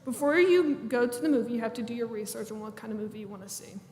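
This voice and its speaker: A woman's voice: on the high side, fast talker, darkish tone, a little hiss or hum. A young woman in her twenties, a class president giving a chatty, self-deprecating graduation speech in a church. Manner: chatty, self-deprecating, laughs through nervous moments. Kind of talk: prepared ceremony speech. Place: large church sanctuary. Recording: echoey hall, room mic.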